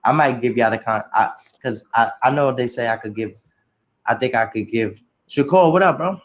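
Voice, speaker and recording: A young man chats on his own livestream at a middle pitch, talking right to his viewers. He jumps between easy talk and loud, lively bursts and uses a lot of slang. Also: moderate pace, rough recording. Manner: animated, talks to chat, lots of slang. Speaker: livestream host. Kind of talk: casual livestream chat.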